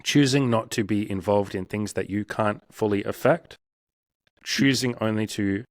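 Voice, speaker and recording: Male coach, lowish voice, dry close mic; frank, profane, plays out inner voices. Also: unhurried, no room sound. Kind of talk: casual interview talk.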